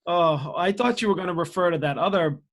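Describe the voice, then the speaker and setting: A man's voice: sits high, moderate pace. A man co-hosting a podcast in casual chat. He jokes and mocks himself, and laughs a lot. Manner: joking, self-mocking, laughs a lot. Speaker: podcast co-host.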